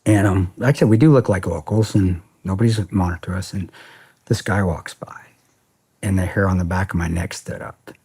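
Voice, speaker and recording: A man in his forties, a podcast guest, telling a story in a casual interview in a blunt, profane, animated way with lots of quoted dialogue. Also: low voice, brisk, husky. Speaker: podcast guest, former security contractor.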